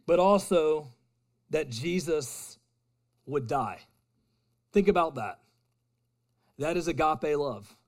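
A man preaching a sermon, moving between loud emphatic declarations and hushed storytelling. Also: a little high, unhurried, pauses often. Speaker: pastor.

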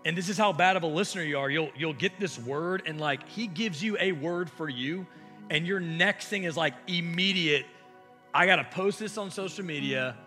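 Male pastor preaching with fervor, a slightly high, forceful tone, swinging between loud stress and quiet, faint music behind. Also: moderate pace. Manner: impassioned, swinging from loud emphasis to hushed asides. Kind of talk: sermon.

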